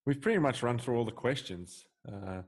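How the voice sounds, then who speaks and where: A man's voice: mid-range voice, normal speed. A man co-hosting a podcast, chatting casually with plenty of fillers and easy laughter. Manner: relaxed, laughs easily, trailing fillers. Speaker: podcast co-host. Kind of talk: casual chat.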